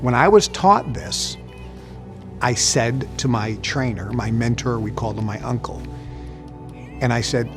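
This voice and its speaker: A man giving a motivational talk, telling his story with lively, animated delivery and acting out his old stutter. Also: medium pitch, measured pace, pauses often, soft background music. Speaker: motivational speaker.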